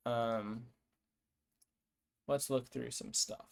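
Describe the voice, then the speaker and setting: A man's voice: medium pitch, expressive, takes it slowly, gravelly, pauses often. A man streaming his language-building work, thinking aloud hesitantly with many fillers and restarts, sounding words out to himself. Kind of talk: thinking aloud while working.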